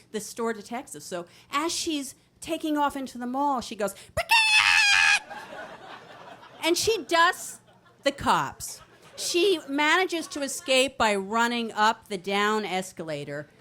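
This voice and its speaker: A woman in her fifties from New Jersey, telling a brash, comic true story on stage into a microphone. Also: on the high side. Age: 50s. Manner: brash, comic, animated delivery. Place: storytelling stage in a city venue.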